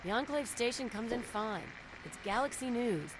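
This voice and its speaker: Casting: woman doing a brisk, higher-voiced game barfly, matter-of-fact, hiss underneath. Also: expressive, natural voice. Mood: dismissive. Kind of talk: video game voice acting.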